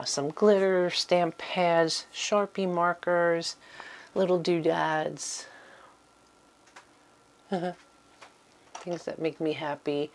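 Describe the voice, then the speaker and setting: Slow, low-voiced woman giving a craft room tour. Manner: chatty, with fillers and little laughs. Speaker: vlogger giving a studio tour. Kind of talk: casual tour talk. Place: small home craft room.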